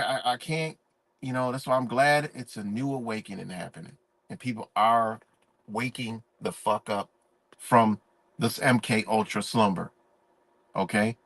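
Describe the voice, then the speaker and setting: A man's voice: mid-range voice, fairly bright tone, no room sound. A man ranting in a profane, emphatic, preachy way during a live-stream monologue.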